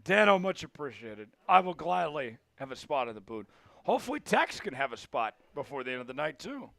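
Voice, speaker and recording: Excitable high-voiced man calling plays. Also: fairly quick, creaky, dry recording. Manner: excitable, shouts big plays. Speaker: livestream sports host. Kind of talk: live play-by-play watch-along.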